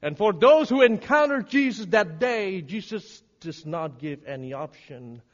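Man, preacher, dramatic sermon, hushed then shouting, high voice, unhurried delivery, lo-fi hall recording. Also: animated. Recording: reverberant hall, dull lo-fi sound.

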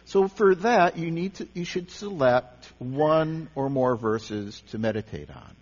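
A pastor or teacher leading a service preaches on meditation in a casual, conversational way, at a measured pace. His pitch rises and falls lively, and he often repeats and restarts his words. The sound is dull and lo-fi, with long hall reverb and a faint electrical hum.

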